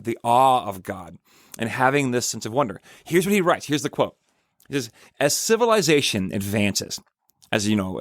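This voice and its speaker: A church minister with a mid-range voice hosts a podcast, heard in a dry, clean studio recording. He delivers a casual, reflective monologue, rambling earnestly and restarting often as he tells stories.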